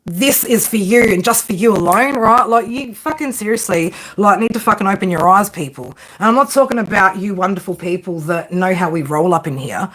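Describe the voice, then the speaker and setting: A woman with an Australian accent gives a live tarot reading in loose, casual chat. Her voice sits at an ordinary middle pitch, and her delivery is blunt and sarcastic, with frequent swearing. She keeps tagging her lines with a quick "right?". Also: a bit bright. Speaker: tarot reader.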